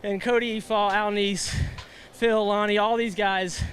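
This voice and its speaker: A high-voiced man, just out of his race car and still out of breath. He rattles off excited thank-yous in a post-race interview outdoors at the track. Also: unhurried, few pauses. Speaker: race-winning driver. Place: victory lane at a racetrack, outdoors.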